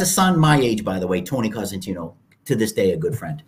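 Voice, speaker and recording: A man's voice: medium pitch, expressive, brisk, hardly any pauses, fairly bright tone. A man in his fifties, a podcast guest, telling stories and acting out quoted people in raised voices. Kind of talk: storytelling interview talk.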